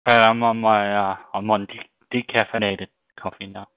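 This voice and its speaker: A man on a community call, asking questions in a hesitant, halting way, often repeating words as he searches for them. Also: fairly low pitch, little pitch movement, clean tone, no echo. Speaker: caller. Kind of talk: casual chat. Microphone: phone or call line. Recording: tinny phone line, dry.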